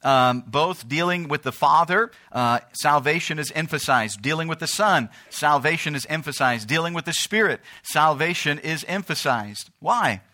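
Bright-voiced man preaching a sermon. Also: lively intonation, normal speed, hardly any pauses. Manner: preaching, rising in pitch and force, calling out to the congregation. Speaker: pastor.

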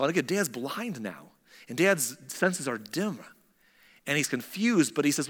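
Bright-voiced preacher in a reverberant hall. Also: male voice, a little high, moderate pace. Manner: animated storyteller, chatty asides. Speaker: pastor. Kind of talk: casual sermon retelling a Bible story.

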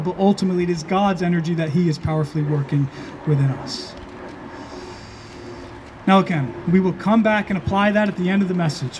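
A pastor preaching an earnest sermon, slowing down and stressing key phrases. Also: male voice, high-pitched, darkish tone, a little hiss or hum.

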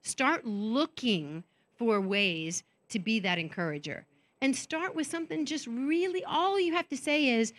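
A middle-aged woman gives a faith talk at a conference, her voice sitting on the high side. She is chatty and animated, slipping into little acted-out voices of her own thoughts as she encourages the crowd. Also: a little slow. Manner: animated, conversational, acts out inner voices. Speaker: conference speaker. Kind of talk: motivational faith talk to an audience. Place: conference stage.

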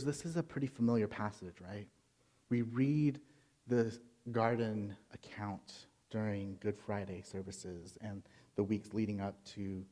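A man reading a Bible passage in a quiet voice, then preaching a sermon and building to emphatic, intense moments. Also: lowish voice. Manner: reads scripture softly, then preaches with rising intensity. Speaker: pastor.

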